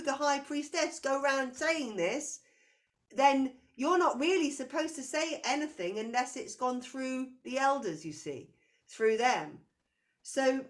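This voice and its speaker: A woman giving a past-life reading to a client, talking intensely and circling back as she searches for words. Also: sits high. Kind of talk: spiritual reading session.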